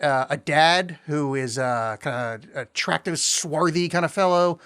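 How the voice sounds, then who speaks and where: Sardonic higher-voiced man reviewing a film. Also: a bit bright, clear, resonant tone. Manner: halting, many restarts, sardonic. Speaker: podcast co-host. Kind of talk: casual film review chat.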